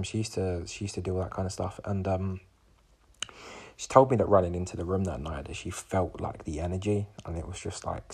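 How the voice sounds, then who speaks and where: A man's voice: low-pitched, a little mellow, breathy edge. A man in his twenties hosting a podcast, telling a personal story in a rambling way full of fillers and restarts. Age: 20s. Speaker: podcast host.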